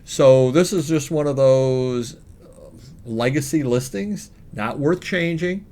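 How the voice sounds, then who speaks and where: A man's voice: mid-range voice, slow pace, darkish tone. A man co-hosting a casual reselling show, chatting and listing items with many fillers. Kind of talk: casual chat about sales.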